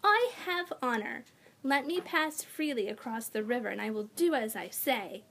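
A woman's voice: high-pitched, animated, slow. A woman voicing an imaginative young schoolgirl who talks earnestly and insistently. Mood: bargaining. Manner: earnest, pleading, bargaining.

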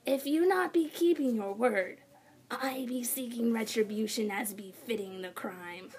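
A woman voicing a menacing male bridge troll who speaks slowly in broken grammar, hissing and growling. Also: fairly high pitch, darkish tone, slightly rough.

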